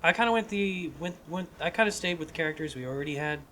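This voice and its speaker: Bright-voiced man pitching a script. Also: lively intonation, quick pace, a little hiss or hum. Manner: rambling, profane, frequent restarts. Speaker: podcast co-host. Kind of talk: casual chat pitching a script.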